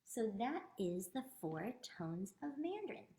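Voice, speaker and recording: A woman author teaching children a language lesson and reading her book, drawing out words slowly so they can follow. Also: medium pitch, big pitch swings, warm tone, echoey room. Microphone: video call.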